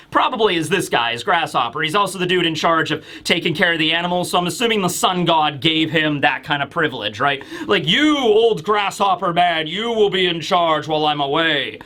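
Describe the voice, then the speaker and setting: A man's voice: fairly high pitch, pushed and bright. A man casually recapping a comic chapter in a rambling style, full of fillers and asides. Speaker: manga reviewer.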